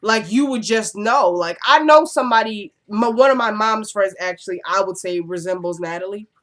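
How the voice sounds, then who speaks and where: Brief: young woman with a stuffy cold, chatty and animated, recapping a show, casual vlog delivery. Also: mid-range voice, normal speed. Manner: chatty, animated, acts out characters' lines. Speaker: TV episode recap vlogger.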